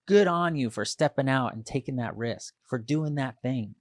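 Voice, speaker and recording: A man hosting a motivational leadership podcast, talking alone to listeners and acting out the inner voice with sudden loud outbursts. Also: medium pitch, moderate pace, hardly any pauses, dry recording, studio quality. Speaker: podcast host. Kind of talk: motivational solo podcast talk.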